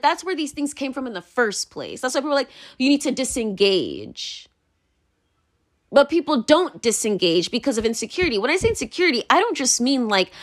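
A woman's voice: fairly high pitch, a bit bright. Rambling, heated woman ranting. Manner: rambling, heated, profane, many "like" fillers. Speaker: vlogger. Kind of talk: unscripted opinion rant.

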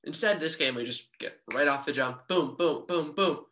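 A man hosting a casual sports podcast, talking as an excitable, jokey fan in fast bursts. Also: a little high, slight background noise.

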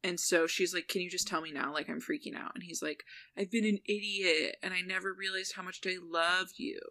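A woman co-hosting a podcast, casually recapping a TV episode, quickly retelling scenes and quoting the characters' lines, laughing often. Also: on the low side, fairly even intonation, pushed and bright. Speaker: podcast co-host.

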